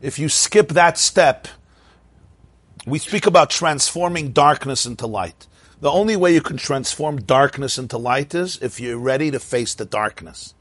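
A man giving a Torah class as a rabbi, lively and questioning, with mock-cheerful asides. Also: mid-range voice, moderate pace, breathy edge, no echo.

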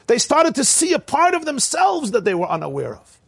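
A man, a rabbi, giving a sermon with animated storytelling in which he acts out the voices. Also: very high-pitched, brisk, gravelly, husky, no room sound, studio quality. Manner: animated storytelling, acting out quotes.

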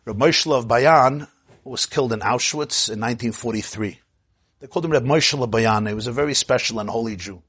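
A male rabbi spins a story in a sermon, his voice husky. He acts out each quote, dropping to murmurs and then rising to sudden exclamations. The recording is close and dry. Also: medium pitch, brisk, fairly bright tone, dry recording.

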